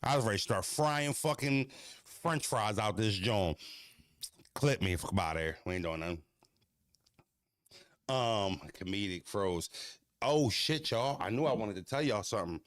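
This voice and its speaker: A man's voice: on the low side, lively intonation, measured pace, pauses often, no room sound, clean studio sound. A young man hosting a livestream, joking loosely and profanely, laughing and roasting his chat. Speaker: livestream host.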